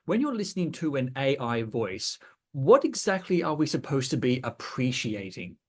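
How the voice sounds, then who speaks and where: A man's voice: medium pitch, big pitch swings, normal speed. Friendly man hosting a podcast. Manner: friendly, stammering restarts. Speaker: podcast host. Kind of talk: interview questions.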